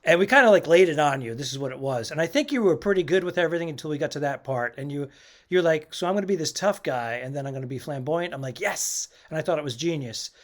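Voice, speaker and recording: A man's voice: fairly high pitch, lively intonation, fast talker. A man co-hosting a comedy podcast, chatting casually and animatedly, laughing often. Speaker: podcast co-host.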